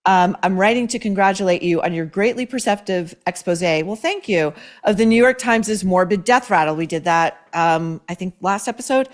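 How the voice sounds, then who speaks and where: A woman's voice: medium pitch, moderate pace, hardly any pauses. A woman hosting a show, reading viewer mail and advice letters aloud and reacting with blunt, sarcastic commentary full of swearing. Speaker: host.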